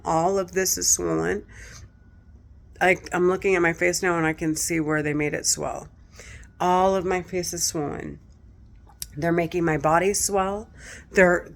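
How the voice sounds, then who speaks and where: A middle-aged woman speaking straight to camera, distressed and close to tears, talking in an agitated, repetitive way with a lot of swearing. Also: fairly low pitch. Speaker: vlogger. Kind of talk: agitated direct-to-camera monologue.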